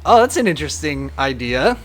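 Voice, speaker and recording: Male game streamer, casual and animated, high bright pitch with big swings, reads chat aloud. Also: a little fast, soft background music.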